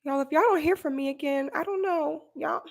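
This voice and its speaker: A woman's voice: high voice, brisk, creaky. A woman hosting a reaction commentary, exclaiming dramatically and rambling with restarts in casual slang, speaking to her viewers. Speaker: host.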